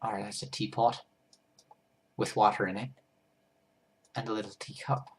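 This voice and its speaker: A man's voice: on the low side, level tone, unhurried, slight background noise. A man narrating a goofy first-person story while he draws, rambling and breaking off to fix his drawing. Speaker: storyteller and drawer.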